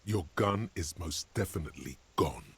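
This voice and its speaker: Very deep husky game narrator, dry, blunt, sardonic. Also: male voice, animated, moderate pace, exaggerated voice.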